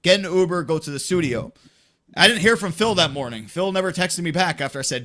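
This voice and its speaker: A man's voice: high voice, fairly quick. A young man, an esports play-by-play commentator, telling a story in casual podcast chat with plenty of swearing. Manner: profane, animated storytelling.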